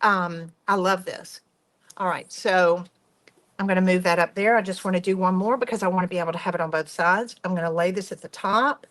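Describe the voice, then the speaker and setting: An enthusiastic woman, possibly in her fifties or older, hosting a live demonstration of soap-making crafts and chatting warmly to her viewers. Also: on the low side, fairly even intonation, a little fast. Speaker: workshop host.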